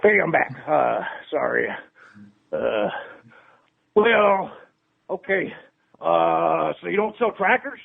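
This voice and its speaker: A man calling in to a live show, rambling hesitantly with many fillers, then turning to shouted accusations. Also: a little high, expressive, slow, creaky, pauses often. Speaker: prank caller. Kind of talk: call-in phone conversation. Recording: tinny phone line.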